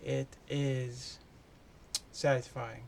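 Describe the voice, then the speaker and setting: A man's voice: mid-range voice, little pitch movement, very slow, creaky, darkish tone, slight background noise. A man doing a casual, chatty movie review, loose and full of swearing.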